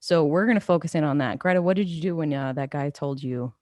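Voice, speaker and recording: Low-voiced, chatty woman host. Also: a little mellow, dry recording. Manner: chatty, emphatic, quick to laugh. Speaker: podcast host. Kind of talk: casual interview chat.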